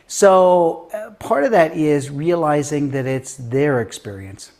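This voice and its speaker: A middle-aged man with a fairly high voice, a guest author and science educator, tells anecdotes during an interview. He acts out the voices of the people in his stories, swinging between loud, quick bursts and slow, quiet lines in animated storytelling.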